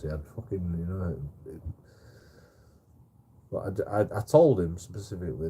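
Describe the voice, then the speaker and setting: A man's voice: sits low, sing-song, normal speed, pauses often, warm tone, a little hiss or hum. A man telling a rambling story on a livestream, swearing heavily and repeating himself.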